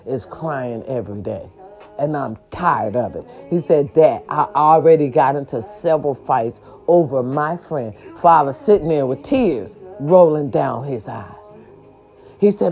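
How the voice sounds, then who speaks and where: A woman telling a story to her listeners with lively, emphatic delivery and plenty of swearing. Her voice is mellow and sits in a middle range. The sound is dull and lo-fi, with faint music behind her. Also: low-pitched. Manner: animated, emphatic and profane, with frequent rhetorical check-ins. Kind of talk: casual storytelling monologue.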